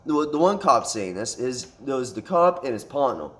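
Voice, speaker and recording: A man's voice: mid-range voice, normal speed. A man recounts a fight in a loose storytime monologue. He swears in nearly every line and circles back on himself with restarts and fillers as he tells it. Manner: profane, animated retelling with frequent swearing.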